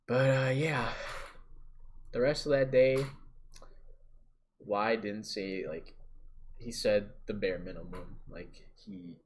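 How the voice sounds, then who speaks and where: A young man casually telling a story to camera, talking in slang and getting louder and more animated at the exciting parts. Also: on the low side, slow, long pauses, a little hiss or hum. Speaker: storyteller vlogger.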